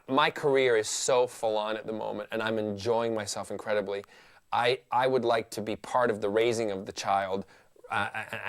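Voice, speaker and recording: A man from Scotland, a guest on a television interview, talking earnestly and openly with easy laughs. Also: fairly low pitch. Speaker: studio guest.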